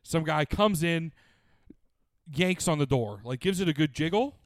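A man's voice: a little high, lively intonation, unhurried, dry recording. A man in casual chat, telling a rambling, profane story and laughing often as he goes. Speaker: podcast co-host telling a story.

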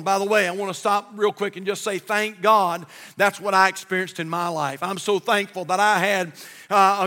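An older man preaches from the pulpit in a folksy, fervent way, often repeating himself. His voice sits high and sounds bright and forceful. The sound rings with the long reverb of a church sanctuary. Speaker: pastor. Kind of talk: sermon.

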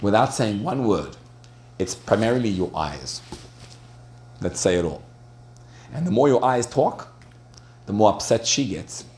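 Low-voiced man telling a story to a crowd. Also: sing-song, unhurried, long pauses, darkish tone. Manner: chatty, with frequent restarts and laughter. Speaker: speaker addressing an audience. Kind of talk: storytelling talk on marriage.

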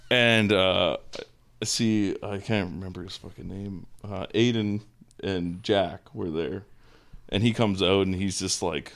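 A man's voice: low-pitched, steady tone, unhurried, vocal fry. A young man, a band member and podcast guest, telling a rambling, profane story in casual chat and laughing at himself.

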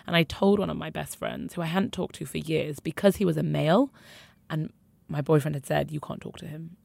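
Young woman telling her story straight, kinda gravelly, lowish voice, dry sound. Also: steady tone, brisk, a little mellow, no room sound. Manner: frank, emphatic, conversational. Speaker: interview guest. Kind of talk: candid personal storytelling.

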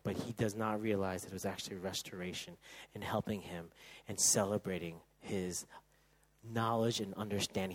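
A male pastor preaching a sermon, moving from loud emphatic bursts to soft, hushed passages. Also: on the low side, a little fast, low-quality recording.

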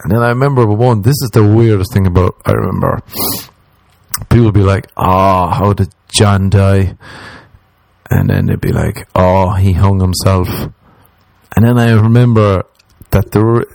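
A man's voice: moderate pace, vocal fry, a little mellow, dry recording, low-quality recording. A young man with an Irish accent, telling personal stories in casual talk, self-mocking and swearing freely. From Ireland. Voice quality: laid-back, self-mocking, swears freely, quotes himself in a low mutter. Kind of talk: casual storytelling monologue.

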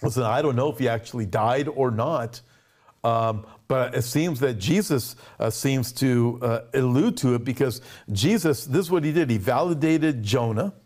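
A man preaching a conversational sermon, animated and acting out little quoted exchanges. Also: mid-range voice, normal speed. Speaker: pastor.

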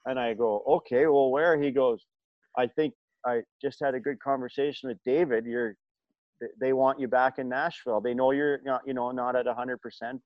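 A man's voice: mid-range voice, no room sound, dull audio. A middle-aged man, a former hockey player, telling stories in a casual chat, rambling with many fillers and restarts. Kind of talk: casual storytelling.

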